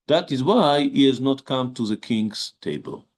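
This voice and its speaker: Brief: male rabbi, mid-pitched, informal class, hesitant explaining style. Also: animated. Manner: halting, with many restarts and fillers, reads verses aloud. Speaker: rabbi teaching a Bible class. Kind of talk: informal Bible lesson.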